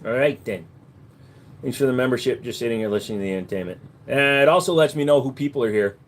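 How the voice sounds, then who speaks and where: A man's voice: mid-range voice, fast, a little hiss or hum. A man hosting a casual livestream, answering chat with crude, profane, mocking banter. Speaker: livestream host.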